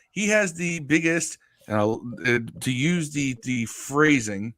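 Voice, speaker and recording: A man co-hosting a podcast, talking sports in an animated, storytelling way with casual swearing. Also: mid-range voice. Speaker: podcast co-host. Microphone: live stream podcast mic.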